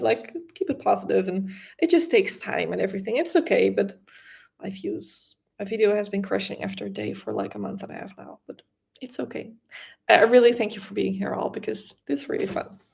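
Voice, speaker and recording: A young woman from the Netherlands with a Dutch accent, chatting casually on a knitting livestream and answering viewers' comments with quick restarts and soft laughs. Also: on the high side, gravelly. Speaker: livestream host, knitting creator.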